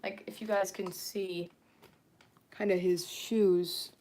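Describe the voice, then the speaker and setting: A woman's voice: medium pitch, steady tone, slow pace, mellow. Rambling young woman on a livestream. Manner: rambling, full of fillers and restarts. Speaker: livestreamer and character creator. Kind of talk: casual livestream chat.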